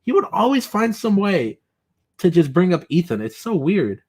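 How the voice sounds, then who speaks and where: Animated male livestream host. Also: sits high, normal speed, slightly rough. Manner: animated, laughs often, mimics callers. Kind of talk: casual livestream chat, reading chat comments.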